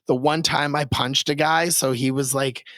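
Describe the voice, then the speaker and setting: A man's voice: mid-range voice, steady tone, moderate pace, a bit bright, no echo. Rambling young man in a dry, close recording. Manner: rambling storyteller, heavy filler "like", profane. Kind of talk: casual podcast chat.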